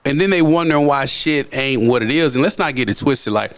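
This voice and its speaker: A man, co-hosting a casual podcast and talking bluntly and profanely, with animated swings in his delivery. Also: medium pitch, fairly quick. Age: late 30s. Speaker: podcast host.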